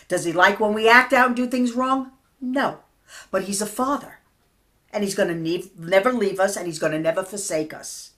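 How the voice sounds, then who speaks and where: An older woman minister giving a personal testimony sermon in an earnest, conversational way that drops into quiet, intimate tones. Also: on the low side.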